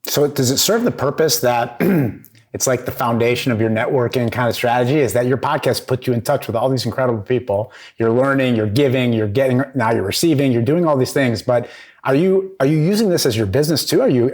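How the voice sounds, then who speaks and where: A man's voice: medium pitch, lively intonation, a little fast, darkish tone. Man asking long, rambling questions. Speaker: interviewer. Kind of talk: casual interview.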